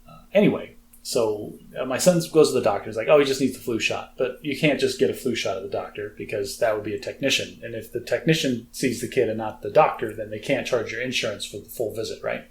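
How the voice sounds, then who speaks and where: A man's voice: on the low side, fast talker, slight background noise. An American man co-hosting a podcast, talking in a chatty, self-deprecating way with lots of fillers. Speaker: podcast co-host. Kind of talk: casual chat.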